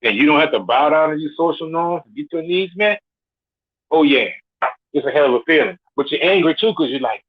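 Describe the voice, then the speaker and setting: A man's voice: a little high, animated, fairly quick. A man of forty, a caller on a live show, ranting bluntly and with swagger, swearing constantly. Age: 40s. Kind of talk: profane rant. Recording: tinny phone line.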